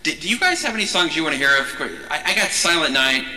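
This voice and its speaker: A man's voice: on the high side, fast. A man who is a Catholic priest, giving a casual, jokey teaching talk and often stopping to restart his sentences. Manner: animated, jokey, self-interrupting. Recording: echoey hall with long reverb.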